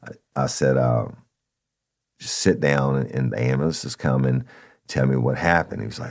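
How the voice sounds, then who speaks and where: A man's voice: very deep voice, moderate pace. A man casually telling a story from his police days, acting out the people involved and often saying "y'all". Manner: animated retelling, acts out voices, says "y'all". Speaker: podcast host, former police officer.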